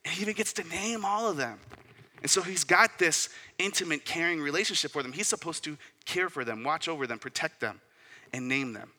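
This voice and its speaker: A man's voice: on the high side, fairly quick, pushed and bright. A man in his thirties preaching a sermon as a pastor, conversational, with asides and rhetorical questions. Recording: reverberant hall.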